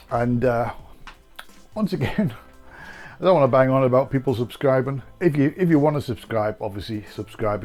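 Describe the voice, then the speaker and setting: A man's voice: medium pitch, darkish tone. A man chatting casually in a food taste-test vlog, rambling and filling gaps with lots of ums and uhs. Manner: chatty and rambling, with many fillers. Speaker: food vlogger.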